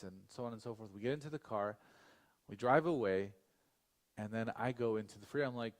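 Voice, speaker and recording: A man's voice: lowish voice, fairly quick, long reverb tail. A male pastor telling a long personal story in a casual, chatty way, with many fillers and restarts and frequent asides to his listeners. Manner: speaks directly to the audience. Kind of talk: storytelling sermon.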